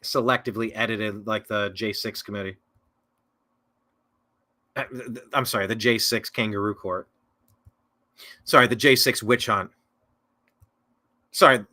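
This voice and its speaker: A man's voice: lowish voice, measured pace, long pauses, pushed and bright. Sarcastic man hosting a political show. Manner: sarcastic, rambling, self-correcting with mocking asides. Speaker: political talk show host. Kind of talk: casual political commentary, reading viewer comments aloud.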